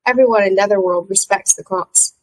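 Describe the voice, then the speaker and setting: A woman's voice: medium pitch, fairly quick, natural voice, poor audio. A woman voicing a small, emotional tree creature who frets and sobs easily, reading aloud from a book. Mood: fretful. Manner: fretful, prone to sighing and sobbing. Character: fussy little tree creature, emotional, fretful. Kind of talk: audiobook character reading.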